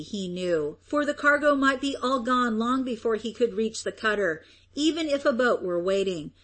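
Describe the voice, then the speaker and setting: Female audiobook narrator, fairly high voice, steady measured storytelling. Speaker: audiobook reader. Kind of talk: scripted narration.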